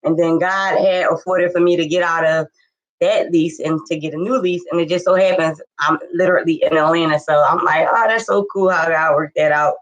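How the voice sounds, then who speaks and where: A woman from Philadelphia hosts her own inspirational talk show on a live stream, chatting casually but nervously with lots of fillers and restarts. Her voice sits low and steady, runs a little fast, and the highs are cut off.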